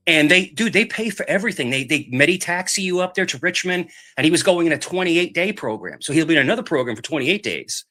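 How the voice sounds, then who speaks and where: A man telling a long rambling story in casual chat, animated and swearing, repeating his words. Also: a little high.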